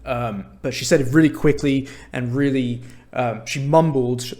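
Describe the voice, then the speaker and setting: A young English man with an English accent, teaching learners in a measured, clear talk to camera. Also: medium pitch, steady tone, dark tone. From England. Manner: measured, clear, explains words plainly.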